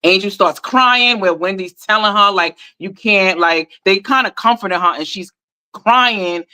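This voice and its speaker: Bright-voiced woman recapping reality TV. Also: medium pitch, unhurried. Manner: animated, emphatic, informal slang. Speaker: podcast co-host. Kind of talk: live recap chat.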